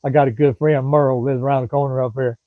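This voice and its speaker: A man's voice: medium pitch, steady tone, fast, no room sound. A middle-aged man from Florida with a Southern accent, rambling in casual live-stream chat and answering viewers by name. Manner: rambling, folksy, drawling, chats to commenters by name. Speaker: livestream host. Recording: dry, thin phone-like sound.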